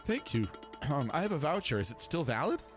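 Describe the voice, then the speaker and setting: A man's voice: a little high, big pitch swings, brisk, soft background music, pitched above the performer's own voice. A man reading the lines of a polite, curious young woman winemaker in a near-natural voice. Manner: reading dialogue plainly.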